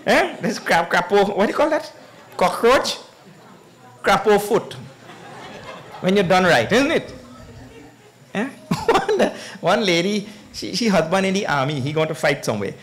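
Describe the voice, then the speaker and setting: Swami preaching, voice jumps all over, fairly high, keeps asking the crowd eh?. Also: male voice. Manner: animated storytelling, chuckles, asks the audience "eh?". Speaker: swami giving a scripture discourse. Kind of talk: sermon.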